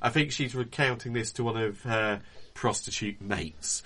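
A man co-hosting a casual film podcast, measured and thoughtful in his takes. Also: medium pitch, sharp tone. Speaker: podcast co-host. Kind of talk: casual film review chat.

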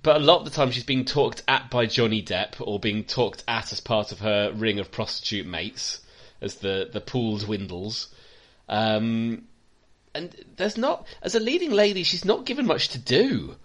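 With a medium-pitched, expressive and slightly bright voice, a man co-hosts a casual film review podcast at a slightly slow pace. He's sardonic and often acts out scenes in silly voices.

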